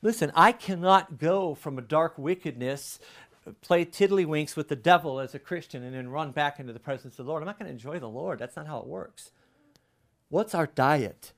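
A middle-aged man preaches in a conversational, testimonial way, his voice sitting a little higher than most men's. He jumps from loud, emphatic bursts to quiet, hushed asides as he makes his points. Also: moderate pace. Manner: earnest, testimonial preaching with sudden swings between loud and hushed. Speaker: pastor. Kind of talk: conversational sermon.

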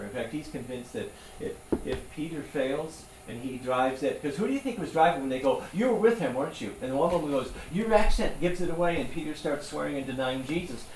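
A male pastor preaching a sermon in an earnest, conversational way. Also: mid-range voice. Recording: echoey room, voice from far off, faint hum.

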